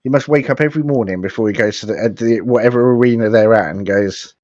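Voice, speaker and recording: A man's voice: medium pitch, fast talker, hardly any pauses, darkish tone, no room sound, lo-fi sound. A man co-hosting a podcast in casual chat, often laughing and acting out quotes as he retells things. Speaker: podcast co-host.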